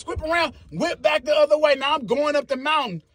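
A man, telling a story in a casual, animated, profane way, with sound effects. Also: very high-pitched, a little fast.

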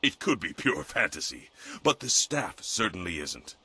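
An actor playing a stately older male weapon master in a game, speaking in a formal, measured way. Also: deep voice, big pitch swings, sharp tone, husky, full character voice.

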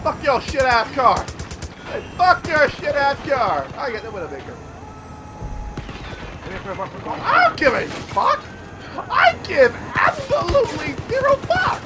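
A man giving loud, excitable let's-play commentary, swearing and laughing constantly. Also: extremely high pitch, slow pace, music in the background. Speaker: gameplay video host.

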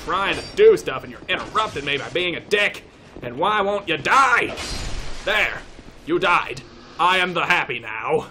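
A man's voice: medium pitch, pushed and bright, slight background noise. A man commentating his own gameplay, joking and putting on a mock-posh English accent while talking to enemies. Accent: put-on English accent. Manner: playful, mock-posh, swears, talks to enemies. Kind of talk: let's play commentary.

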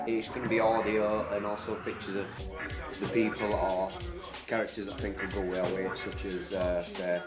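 A man's voice: fairly low pitch, level tone, normal speed, echoey room, over loud music, rough recording. A man with a Yorkshire accent chatting in a rambling, self-deprecating way as a vlogger. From Yorkshire, England. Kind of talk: casual chat.

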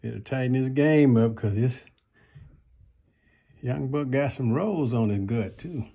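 Brief: a man playing a drawling old heckler, slow and gravelly, dark and husky. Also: mid-range voice. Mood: teasing. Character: older male onlooker, teasing and amused. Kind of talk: comedy skit acting.

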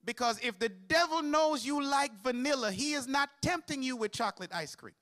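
A man's voice: very high-pitched, moderate pace, pushed and bright. A man preaching a sermon as pastor, mixing humor with call-and-response to the congregation.

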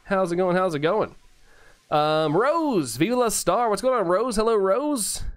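Smooth, dry-voiced laid-back male streamer. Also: sits high, animated, measured pace, dry recording. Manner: laid-back, chuckles often, greets chatters by name. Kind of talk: casual live-stream chat reading viewer messages.

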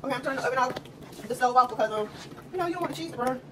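A woman's voice: sits high, very fast. A woman hosting a casual home cooking vlog, chatty and joking, laughing at her own jokes. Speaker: cooking show host. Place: home kitchen. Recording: distant mic with steady background noise.

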